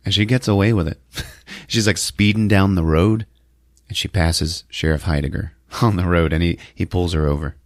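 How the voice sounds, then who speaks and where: A man's voice: deep voice, fairly even intonation, moderate pace, dry recording, clean studio sound. A man hosting a podcast, recapping a movie in a casual way and acting out the lines in put-on voices with frequent laughter. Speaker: podcast host.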